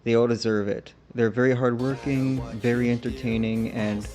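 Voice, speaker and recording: A man narrating a scripted video at a middle pitch. His wry, earnest delivery stays even and unhurried. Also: music in the background.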